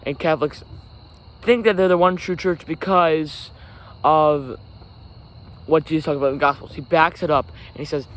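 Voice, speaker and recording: This solo podcast host talks at a normal speed in a fairly high, slightly bright voice with fairly even intonation and long pauses. He records himself on camera outdoors by a forest, rambling casually and correcting himself, with insects and crickets in the background.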